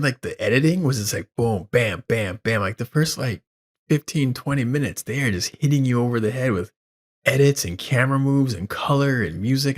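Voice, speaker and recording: A man's voice: mid-range voice, slightly rough. A man co-hosting a podcast in casual chat, laid-back and swearing freely, full of "like". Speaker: podcast co-host.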